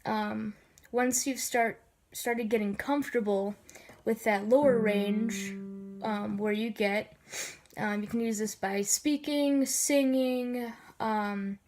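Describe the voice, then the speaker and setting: A woman with a slightly gravelly low voice, sniffly from allergies, giving a casual voice tutorial with many filler ums. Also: fairly even intonation, takes it slowly, a little mellow.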